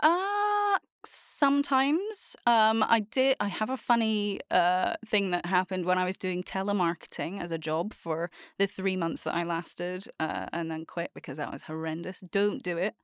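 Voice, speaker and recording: A woman's voice: lowish voice, a little slow, few pauses, clean tone, no room sound, studio quality. A woman with a Scottish accent chatting casually, teasing and laughing often. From Scotland. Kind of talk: casual chat.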